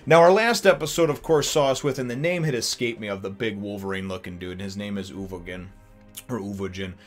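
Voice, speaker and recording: A man hosting a casual episode review, rambling and animated, full of fillers, chuckles and acted-out bits. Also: mid-range voice. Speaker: anime reviewer and channel host.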